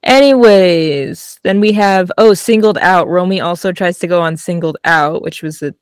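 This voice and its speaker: A woman's voice: lowish voice, normal speed, clean tone, dry recording, studio quality. A woman co-hosting a podcast in casual chat, rambling with many ums and likes. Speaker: podcast co-host.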